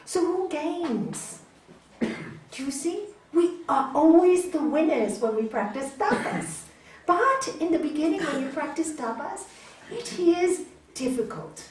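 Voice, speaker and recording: A higher-voiced woman gives a spiritual talk on yoga, heard from across an echoey hall. She tells stories animatedly, slipping into the voices of the people she quotes and prompting her listeners with "hmm?". A faint hum of room ambience sits behind her. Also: very animated, slow, recorded from a distance. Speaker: raja yoga teacher.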